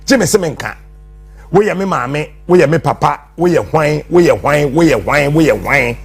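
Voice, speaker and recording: Forceful, repetitive male speaker, lively pitch, clip with music under it. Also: unhurried, creaky, slightly rough. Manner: forceful, repetitive, mixing languages. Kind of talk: defiant speech.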